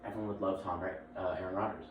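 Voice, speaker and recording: A man's voice: low voice, flat delivery, racing. A young man co-hosting a casual sports podcast, rambling with restarts and lots of laughter. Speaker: podcast co-host. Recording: echoey room, far from the mic, faint noise.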